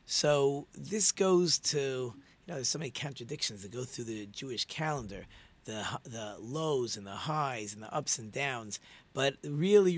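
A middle-aged prayer leader gives an informal religious teaching talk in a mid-range voice. He speaks earnestly, often repeating words and phrases for emphasis.

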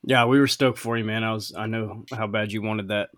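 A man hosting a podcast, chatting casually and excitably, swearing now and then. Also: lowish voice, a little fast, no room sound, studio quality. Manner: excitable, swears, laughs at himself. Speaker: podcast host. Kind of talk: casual chat.

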